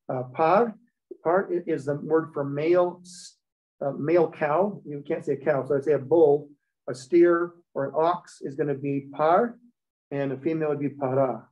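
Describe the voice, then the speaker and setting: Higher-voiced man teaching a class. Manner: explains step by step, checks in with "okay?". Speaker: Hebrew teacher. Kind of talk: classroom lecture. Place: class with students. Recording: dull lo-fi recording.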